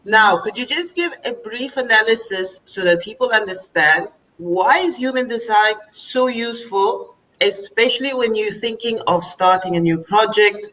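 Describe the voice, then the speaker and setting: A woman co-hosting an online interview, bubbly and quick to giggle as she asks her questions. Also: mid-range voice, a bit bright, recorded from a distance, rough recording. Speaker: co-host. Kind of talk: casual interview chat.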